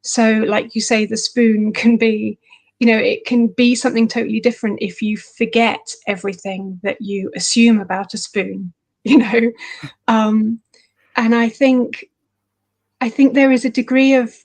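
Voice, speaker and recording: A woman's voice: fairly high pitch, level tone, measured pace. A woman author answering questions in a livestream interview, thoughtful and rambling with fillers. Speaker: author guest.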